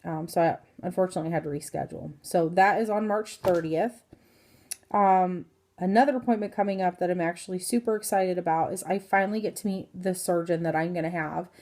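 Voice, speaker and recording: A woman's voice: on the low side, steady tone, fairly quick, darkish tone. A woman in her thirties from Indiana giving a rambling, casual health update to her phone camera, full of ums and self-corrections. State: hiccups. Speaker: vlogger.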